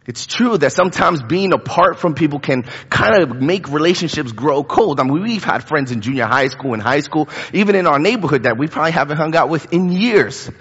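Fairly high-pitched and expressive, the man speaks briskly with few pauses, his tone a bit bright and breathy. He's in his thirties, giving a chatty, conversational sermon in a church sanctuary, leaning on fillers and repeating words. The audio is lo-fi and dull, with a long hall reverb.

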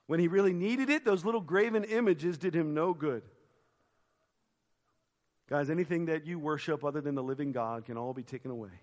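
A male pastor delivers a sermon in a church sanctuary, with a voice that sits a little above the usual male pitch. He tells the story vividly, acting out quoted lines and sinking into hushed reflection. The hall's long reverb rings behind his words. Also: fairly quick.

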